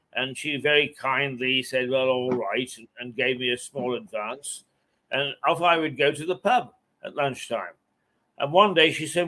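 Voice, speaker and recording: An older man reminiscing as an interview guest, halting often and chuckling between his memories. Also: medium pitch, pushed and bright. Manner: halting, with frequent hesitations and chuckles. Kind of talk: reminiscing anecdote in conversation.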